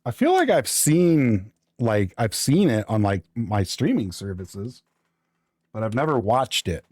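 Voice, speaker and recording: A man's voice: mid-range voice, sing-song, a little slow, darkish tone, dry recording, clean studio sound. A man casually chatting with his viewers during a live stream, joking and thinking aloud while he builds.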